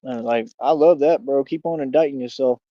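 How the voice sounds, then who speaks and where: A man's voice: medium pitch, a little fast, mellow, no room sound, muffled recording. A man hosting a livestream, combatively mocking and taunting a rival in a heated rant. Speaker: livestream host.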